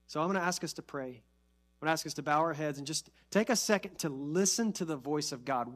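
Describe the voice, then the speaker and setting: A pastor preaching a sermon with earnest conviction, building to emphatic peaks and then dropping soft and slow. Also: male voice, fairly high pitch. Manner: repeats key phrases, slows for emphasis.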